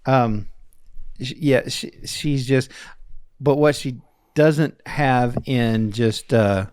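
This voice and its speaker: A man's voice: mid-range voice, extremely slow, darkish tone, clear, resonant tone, no echo, clean studio sound. A man in his forties, a podcast co-host, telling family stories in a rambling, chuckling way with many restarts. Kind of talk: casual chat.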